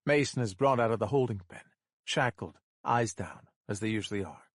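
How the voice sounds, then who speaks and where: A man narrating a thriller audiobook in a measured, even way. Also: fairly low pitch, dry recording, clean studio sound.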